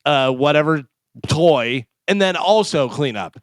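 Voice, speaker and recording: A man co-hosts a morning radio show and teases the host in quick, chatty banter while reading out odd news stories. His voice sits on the higher side and moves lively up and down. The studio sound is dry. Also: no room sound.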